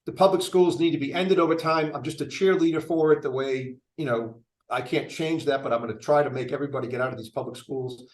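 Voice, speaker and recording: A man's voice: mid-range voice, fast, few pauses. An older man running for office, talking casually in an interview with a rambling, restart-filled manner. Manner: animated, rambling, frequent restarts. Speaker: presidential candidate. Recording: echoey room.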